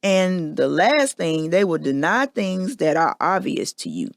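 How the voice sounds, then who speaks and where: Woman host, candid confessional monologue, gravelly tone, dry close recording. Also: fairly low pitch, big pitch swings, a little slow, dry recording. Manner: candid, emphatic storytelling. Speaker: podcast host.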